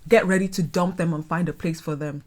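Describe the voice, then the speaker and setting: A young woman from Nigeria with a Nigerian accent, talking in an animated, dramatic, exclamatory vlog style. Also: on the low side, fairly quick. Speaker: vlogger. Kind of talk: casual vlog talk.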